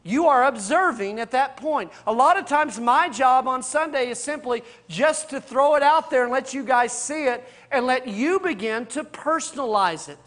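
High-voiced pastor teaching Bible study. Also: male voice, moderate pace, hardly any pauses, fairly bright tone. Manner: rhetorical questions, repeats key points; addresses listeners directly and casually.

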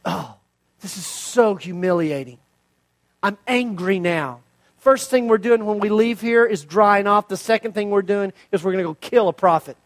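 A man's voice: high voice, normal speed, close to an everyday voice. A man preaching, voicing a proud, indignant army commander who grumbles and complains. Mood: angry.

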